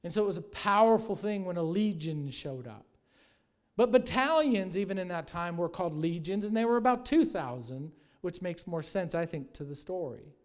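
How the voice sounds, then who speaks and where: A man preaching a sermon with animated storytelling, growing soft and hushed at reverent moments. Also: high-pitched, moderate pace. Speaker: pastor.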